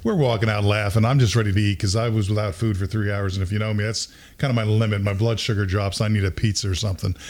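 A middle-aged man hosting a podcast, telling a story in a casual, animated way and acting out quotes with bursts of laughter. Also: on the low side, fast, few pauses. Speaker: podcast host.

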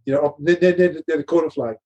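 A man's voice: fairly high pitch, fast talker, dark tone, lo-fi sound. A middle-aged man telling stories from his coaching career, laughing often and acting out the dialogue he quotes. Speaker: guest recounting coaching career. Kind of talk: animated anecdotal storytelling.

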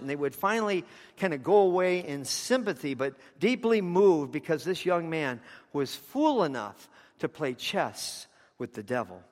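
A man's voice: fairly high pitch, in a large hall. A man preaching a sermon, telling a story with passion, his intensity rising and falling.

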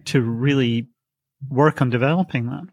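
A man's voice: mid-range voice, fairly even intonation, moderate pace, darkish tone, no echo. Hesitant, dry-sounding middle-aged man. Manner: hesitant, many fillers and restarts, wry chuckles. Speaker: psychic guest. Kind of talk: conversational storytelling.

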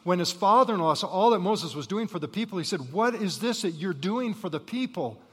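A man preaching a sermon as pastor, telling Bible stories with lively acted voices and saying he has jet lag. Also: high voice, brisk, slightly rough. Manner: animated storytelling, acting out Bible figures with rising voice. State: jet-lagged. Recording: reverberant hall.

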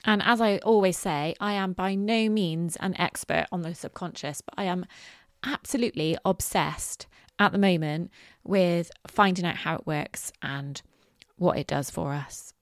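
A woman in her forties hosts a solo podcast, chatting casually in a self-deprecating way. Her lowish voice moves at a measured pace, recorded at studio quality with no echo.

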